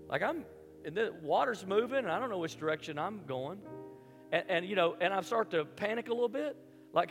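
Southern-raised male pastor, high voice, animated storytelling sermon, long hall reverb, music underneath. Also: gravelly. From American South. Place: large church hall.

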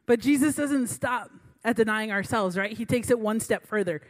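A woman's voice: on the high side, normal speed. A woman in her late twenties, a youth pastor, giving a sermon in a chatty storytelling way with many fillers.

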